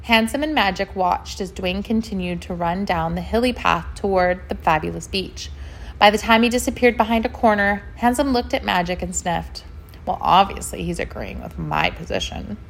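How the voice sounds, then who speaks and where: A woman reading a children's story aloud, gentle and expressive at a middle pitch. She slips in friendly asides to the listener, and a faint hiss sits behind her voice. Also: moderate pace.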